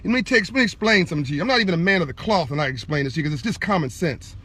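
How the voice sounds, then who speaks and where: A man speaking straight to viewers in an impassioned live-video monologue, fervent and preachy, hammering his points with repetition while insisting he is calm and measured. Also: on the high side, breathy edge. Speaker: speaker addressing online viewers.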